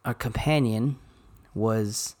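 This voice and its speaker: A man from Arizona, co-hosting a podcast, retelling a night out in a casual, animated way full of quoted dialogue and swearing. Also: on the low side, takes it slowly. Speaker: podcast co-host. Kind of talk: casual storytelling chat.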